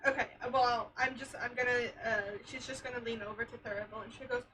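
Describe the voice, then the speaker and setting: A woman playing a tabletop game, giggly and quick to try out character voices. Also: on the high side, steady tone, sharp tone, distant mic, slight background noise, low-quality recording. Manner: giggly, trying out character accents. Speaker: player. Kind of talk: casual tabletop play.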